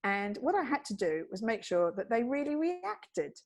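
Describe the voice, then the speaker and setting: A very animated woman, a TV producer and speaker appearing as a guest, tells stories with wit at a normal speed. She acts out quoted voices with big jumps in pitch during this lively conversational storytelling.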